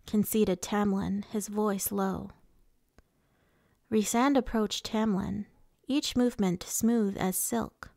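Slow, gravelly woman reading a novel. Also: medium pitch, fairly even intonation, dark tone, no echo, studio quality. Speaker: audiobook reader. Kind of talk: first-person novel narration.

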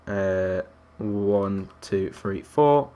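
A man's voice: on the low side, drawn-out words, warm tone. A young man chatting through a live game stream, counting aloud and reacting to viewers and other players. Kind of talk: live gameplay commentary.

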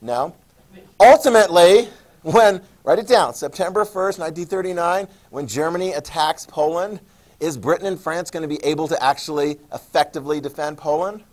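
A man teaching a history class, lecturing in an animated way and quizzing students. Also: a little high, normal speed. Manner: animated, acts out countries in jokey voices; asks the class questions.

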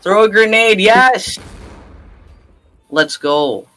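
A man chatting excitedly with friends while playing an online shooter, yelping and laughing under fire. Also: sits high, drawn-out words, faint music behind. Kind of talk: casual gameplay chat.

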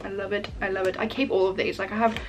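A young woman vlogger chatting casually while unboxing packages at home, gushing and excitable, full of "like" fillers. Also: mid-range voice, fast, music in the background. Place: room at home. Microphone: camera set up in front of her.

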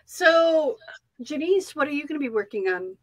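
Bubbly high-voiced woman hosting a stream. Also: very animated, moderate pace, no echo, rough recording. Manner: bubbly and playful, sing-song exclamations. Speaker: live stream host. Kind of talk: casual art live stream chat.

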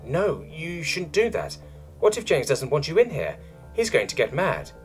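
A timid robot mechanic, as a male narrator puts it on speaks in a flat, mechanical monotone, hesitant and literal-minded. The voice sits well above a man's usual pitch and stays even in delivery. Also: a little fast, soft background music. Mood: nervous.

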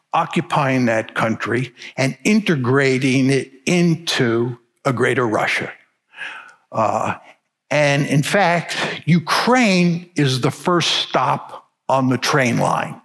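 A man's voice: medium pitch, a bit bright. An older man giving a public lecture, arguing his case emphatically and stressing key words. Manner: emphatic, argumentative.

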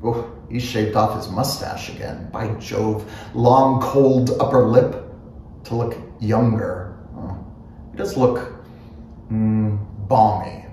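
A man giving an unhurried, expressive reading of a literary novel, musing through inner thoughts. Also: lowish voice, far from the mic. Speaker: reader. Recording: very echoey room, faint noise.

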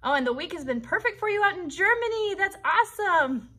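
Woman with a high, bright voice hosting a kids' puppet livestream. She talks cheerfully and encouragingly, asking young viewers about their week. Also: expressive, brisk. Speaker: host of children's puppet livestream. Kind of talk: friendly talk to young viewers.

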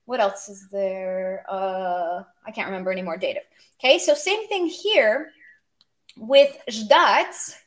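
A woman's voice: medium pitch, expressive, slow. A woman explaining grammar in a casual online lesson, chatty and joking as she goes. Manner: chatty, explains with humor and asides. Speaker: language teacher.

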